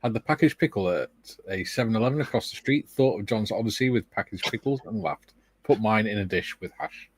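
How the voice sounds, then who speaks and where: A man co-hosting a relaxed hobby session, reading viewer comments aloud in an easygoing way. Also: on the low side, fairly quick, breathy edge, dry recording. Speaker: co-host reading chat. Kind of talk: casual chat while model building.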